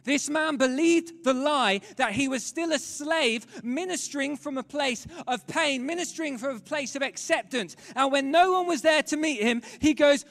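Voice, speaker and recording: A pastor, preaching a sermon in a dramatic storytelling way, swinging from loud to hushed. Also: male voice, very high voice, moderate pace, few pauses. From London, England. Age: 30s. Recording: reverberant hall, faint music.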